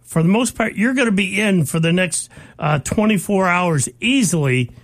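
A man's voice: sits high, expressive, moderate pace. A man co-hosting a tech talk show, giving folksy advice to listeners in a casual chat.

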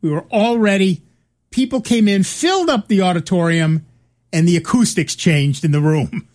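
A man's voice: high voice, moderate pace, darkish tone. A middle-aged man chatting casually on a show, telling rambling stories with many restarts. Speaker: podcast co-host. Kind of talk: casual chat, storytelling.

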